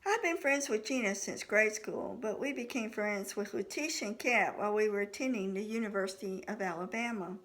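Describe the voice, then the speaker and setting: A woman's voice: medium pitch, a little fast, hardly any pauses, fairly bright tone. A woman reading her own novel aloud in the first person, voicing the dialogue of each character. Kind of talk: audiobook narration.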